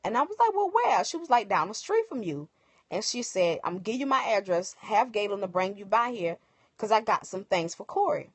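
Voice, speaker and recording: A woman telling viewers a personal story in casual, animated speech, acting out the other people's lines. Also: mid-range voice, a little fast, slightly rough, no echo. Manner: emotional, animated retelling with quoted dialogue. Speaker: livestream host. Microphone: phone.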